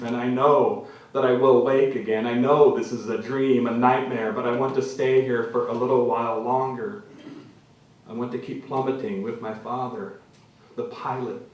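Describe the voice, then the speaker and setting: A man reading his own literary prose aloud to a live audience, measured and dramatic, leaning on repeated phrases. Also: mid-range voice. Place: literary venue before an audience. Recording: very echoey hall from far off.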